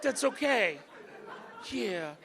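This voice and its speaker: A man doing loud, profane stand-up comedy on a club stage and teasing the audience. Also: extremely high pitch, very animated, very slow, some chatter behind. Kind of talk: live stand-up comedy with crowd work.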